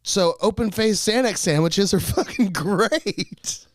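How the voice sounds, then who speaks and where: A man's voice: high-pitched, takes it slowly, no room sound, clean studio sound. A young man, a comedian co-hosting a podcast, telling rambling stories in casual chat and laughing often.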